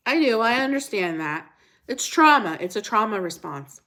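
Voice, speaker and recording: A middle-aged woman with a mid-range, bright, forceful voice speaks at a moderate pace in a sing-song manner. Hosting a casual devotional livestream, she reads viewer comments and scripture aloud, repeats herself, and seems unsure how to pronounce some words.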